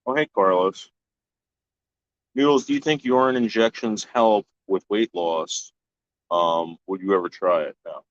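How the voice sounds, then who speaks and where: A man with a lowish voice chats casually on his stream and swears without a second thought. He restarts his sentences often and keeps talking bluntly to his viewers. The sound is dull and lo-fi, in a dry, dead room. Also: measured pace, dry recording. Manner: blunt and profane, with frequent restarts. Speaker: live-stream host answering chat. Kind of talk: casual chat.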